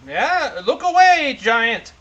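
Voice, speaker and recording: A brusque dwarf merchant speaks well above the game master's normal pitch, with a bright, cutting edge. He answers with short, impatient lines. It sounds like a tabletop game at home. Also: very animated, takes it slowly, highs cut off, a little hiss or hum, full character voice. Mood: dismissive. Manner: curt, impatient replies. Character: gruff dwarf merchant, male, blunt and dismissive.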